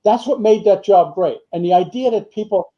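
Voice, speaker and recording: A man's voice: sits high, normal speed. An older man, a retired firefighter, telling long anecdotes in a casual interview, full of fillers and quoted dialogue. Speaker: retired firefighter and author, guest. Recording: muffled lo-fi audio.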